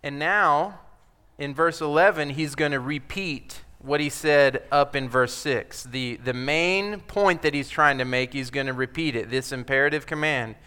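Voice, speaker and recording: A man's voice: a little high, measured pace, sharp tone, smooth. A man preaching a sermon as pastor, talking emphatically and conversationally, acting out the scripture he quotes.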